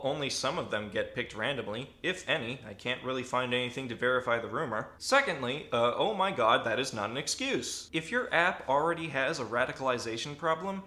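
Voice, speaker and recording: A man delivering sarcastic, animated commentary with a crisp, bright tone. The recording has the echo of a bare room. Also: medium pitch, moderate pace, few pauses. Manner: sarcastic, animated, self-aware. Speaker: video essayist. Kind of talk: comedic commentary video.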